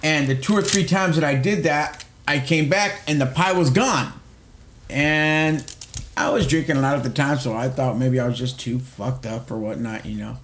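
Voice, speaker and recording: A man's voice: medium pitch, moderate pace, fairly bright tone, reverberant, a little hiss or hum. A middle-aged man co-hosting a podcast, telling a long rambling story in casual chat with lots of restarts and swearing. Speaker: podcast co-host.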